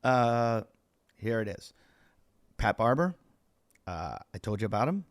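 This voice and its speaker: A man's voice: lowish voice, very animated, measured pace. A middle-aged male comedian talks loosely into a close microphone, rambling and poking fun at himself. The sound is dry, with no room echo around his voice. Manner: rambling, self-mocking, jokey. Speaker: podcast host and stand-up comedian. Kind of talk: casual solo podcast intro.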